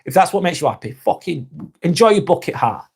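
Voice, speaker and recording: A man's voice: fairly high pitch, sing-song, fairly quick, husky. A man, hosting a casual live stream, chatting to viewers by name, laid-back and swearing freely. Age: 40s.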